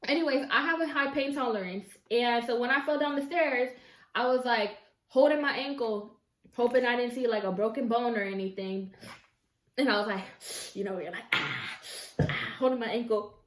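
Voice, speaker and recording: Woman mukbang vlogger chatting and telling a story, kinda high voice, roomy echo at home. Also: fairly quick. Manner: chatty and expressive, slangy asides to viewers. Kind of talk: casual storytelling while eating. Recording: echoey room.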